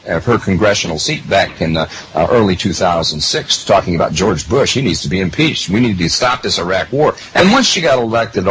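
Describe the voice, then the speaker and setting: A man hosting a political commentary monologue for his listeners, emphatic and full of rhetorical questions. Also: background noise. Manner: emphatic, rhetorical questions, lively pitch swings.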